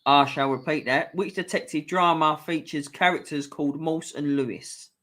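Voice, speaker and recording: A man's voice: fairly high pitch, steady tone, normal speed, fairly bright tone. Sweary London man hosting a quiz. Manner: swears freely, offhand banter between questions. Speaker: quiz host. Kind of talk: casual live-stream pub quiz.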